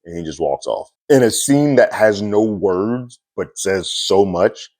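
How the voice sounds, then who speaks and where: Brief: male reviewer, deep voice, dry close sound, chatty recap with fillers. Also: animated, unhurried, a little mellow, dry recording. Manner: loose and conversational, frequent fillers and little laughs. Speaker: TV episode reviewer.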